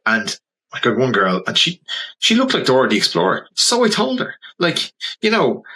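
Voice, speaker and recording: A man with a Dublin accent, a portrait photographer and podcast guest, telling animated stories in casual conversation. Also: medium pitch, normal speed, slightly rough, low-quality recording. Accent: Dublin Irish. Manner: animated, anecdotal, slips into quoted voices.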